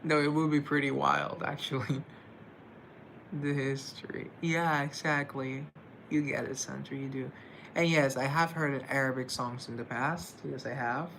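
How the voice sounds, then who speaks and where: A relaxed man chats through a livestream at an unhurried pace, his voice carrying a gravelly rasp. He reads out viewer comments and answers them playfully, joking with himself along the way. A faint hiss of noise sits under the voice. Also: medium pitch. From United States. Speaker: livestream host. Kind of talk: casual livestream chat reading comments.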